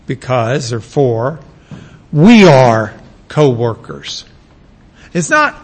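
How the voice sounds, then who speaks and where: A man's voice: mid-range voice, sing-song, slow, pauses often, in a large hall. A man from the United States giving a classroom lecture on biblical languages, emphatic and repeating key words for stress.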